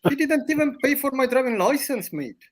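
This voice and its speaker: A man's voice: very high-pitched, expressive, fairly quick. A man putting on a mock Australian accent, playing a put-upon son who tacks "mate" onto his lines. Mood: pleading. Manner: ends lines with "mate", pleading.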